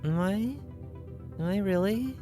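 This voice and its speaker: A woman's voice: medium pitch, lively intonation, slow, mellow, faint music behind. A young woman streaming a game, chatting casually and asking her viewers lots of questions. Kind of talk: casual livestream chat.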